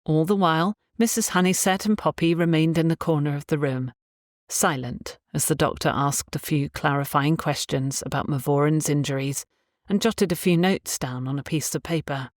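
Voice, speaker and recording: A woman reading an audiobook as narrator in a steady, even storytelling manner. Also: low-pitched, moderate pace, no echo, studio quality.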